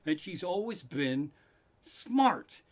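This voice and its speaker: A middle-aged man hosting a live stream from his living room, telling a profane comic story that builds into loud, swearing rants. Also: a little high, big pitch swings, slow.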